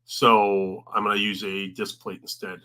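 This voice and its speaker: A man's voice: fairly low pitch, flat delivery, measured pace, bright, forceful tone. A man co-hosting a podcast, telling rambling casual stories full of "uh" and "um". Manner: rambling storyteller, lots of "uh" and "um". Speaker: podcast co-host.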